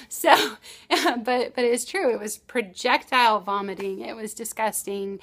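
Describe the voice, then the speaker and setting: A woman's voice: a little high, normal speed, fairly bright tone. Chatty mother telling a parenting story. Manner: chatty storytelling with frequent restarts and laughs. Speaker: parenting advice presenter. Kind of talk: casual advice talk to camera.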